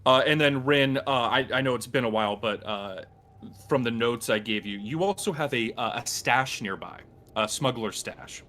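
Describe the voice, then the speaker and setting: A man as dungeon master narrating a tabletop game, halting with many ums. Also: mid-range voice, bright, forceful tone. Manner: halting, lots of ums and uhs.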